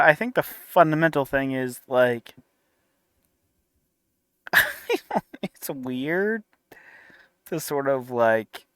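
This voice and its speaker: A man's voice: mid-range voice, a bit bright, smooth, no room sound, studio quality. A man making a casual reaction commentary, sarcastic and incredulous, with laughing asides.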